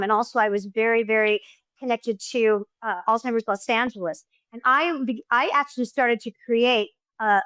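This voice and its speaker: The recording is low quality and free of room sound. A filmmaker in her middle years, her voice on the high side, tells animated stories as an interview guest, acting out quotes and often starting over in the conversational exchange.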